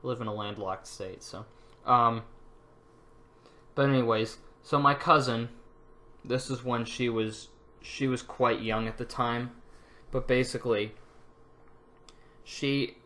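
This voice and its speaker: A man's voice: mid-range voice, steady tone, slow pace, pauses often, bright, forceful tone. A young man casually telling stories from his life, rambling with lots of fillers and restarts and laughing at himself. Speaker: vlogger. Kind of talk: casual storytelling.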